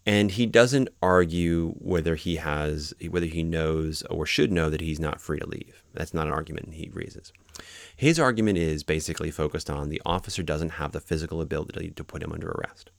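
Low gravelly man explaining law. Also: fairly quick, dry recording, clean studio sound. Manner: conversational, explains step by step with examples. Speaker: podcast host explaining court cases. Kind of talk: informal legal lecture.

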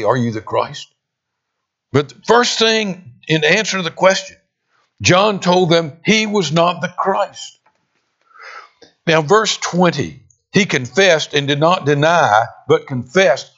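A man preaching a sermon, expressive, with dramatic pauses and emphatic quoted lines. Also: on the high side. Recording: dull lo-fi sound.

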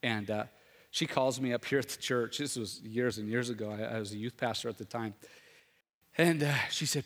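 A man preaching as a pastor, swinging from loud rhetorical questions to hushed, intimate tones. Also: mid-range voice, brisk, in a large hall. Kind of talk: sermon. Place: church sanctuary.

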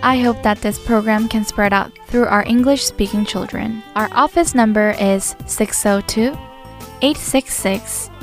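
A woman's voice: on the high side, measured pace, faint music behind. A woman reading a radio announcement for a ministry in a plain, careful way.

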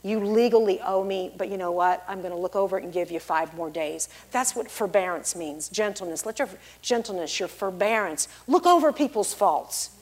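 A woman giving a sermon and personal testimony, swinging between hushed, near-whispered passages and loud, emphatic exclamations as she explains scripture. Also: mid-range voice, moderate pace, few pauses. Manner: emphatic, expository. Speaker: preacher.

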